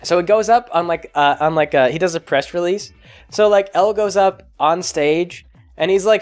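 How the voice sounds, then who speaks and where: A man's voice: high-pitched, normal speed, faint music behind. A man giving a rambling, jokey movie recap full of fillers. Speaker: vlogger.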